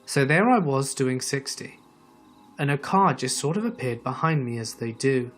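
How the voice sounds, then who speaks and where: A man reads true horror stories aloud in a measured, dramatic way, his pitch sitting in the middle of the usual range for men. Soft music plays faintly behind his voice. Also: lively intonation. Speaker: horror story narrator.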